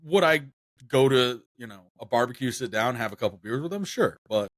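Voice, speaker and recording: A man's voice: mid-range voice, expressive, a little fast, fairly bright tone, dry recording, studio quality. A young man chatting casually on a podcast, rambling with lots of fillers and restarts. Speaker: podcast co-host.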